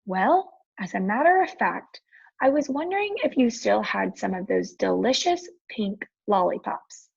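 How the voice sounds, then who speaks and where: A woman reading as a shy, soft-spoken dragon. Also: mid-range voice, lively intonation, unhurried, vocal fry, breathy edge, no room sound, lo-fi sound, exaggerated voice. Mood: gentle. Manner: soft, tender, a little tearful. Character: gentle shy young male dragon.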